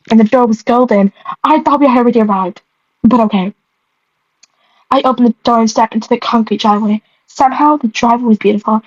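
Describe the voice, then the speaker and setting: A young woman with a slightly mellow voice on the high side reads an old story of hers aloud, stumbling as she goes. She interrupts herself with self-mocking jokes about the writing and giggles often. The recording is dry, dull, and lo-fi.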